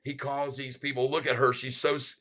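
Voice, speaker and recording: A man hosting his own stock market channel, talking in an excitable, rambling way and laughing often as he comments on a video. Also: medium pitch, a little fast, background noise.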